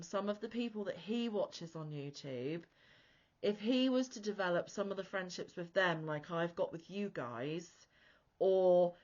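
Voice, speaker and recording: Gushy chatty woman. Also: lowish voice. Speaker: crochet channel host. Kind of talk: casual chat to camera. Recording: dull lo-fi audio.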